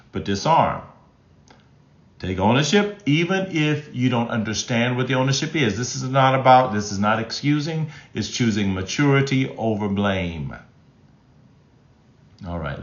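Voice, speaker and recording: A man's voice: mid-range voice, a bit bright. A man hosting a live stream as a relationship coach, reading chat comments and talking emphatically, repeating his key phrases and often restarting his sentences. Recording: roomy, slightly dull sound.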